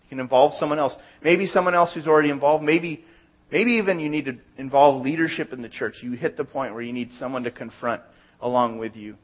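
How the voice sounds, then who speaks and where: A man's voice: mid-range voice, fairly quick, highs cut off. A man preaching a conversational sermon, working through plain everyday examples. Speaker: pastor.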